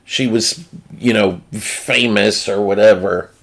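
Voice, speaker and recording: A man's voice: lowish voice, steady tone, slow pace, fairly bright tone. A man with a Northeastern US accent telling a crude comic story in a rambling, self-interrupting way. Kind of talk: casual comedic storytelling.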